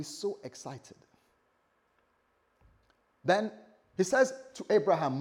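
A man preaching a lively sermon, acting out voices and laughing as he tells the story. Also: on the high side, unhurried, pauses often. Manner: animated storytelling, acts out voices, laughs often. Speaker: pastor.

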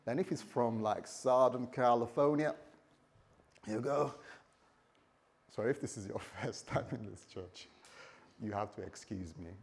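A male pastor preaching a sermon in a church, animated and joking, acting out the stories he tells. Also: on the low side, moderate pace, vocal fry, breathy edge.

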